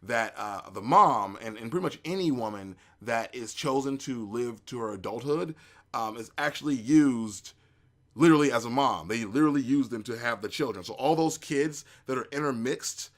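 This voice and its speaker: A man hosting a casual spoken review, excitable and rambling, with many fillers and restarts. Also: mid-range voice. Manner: acts out reactions in quoted asides. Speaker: anime reviewer, show host.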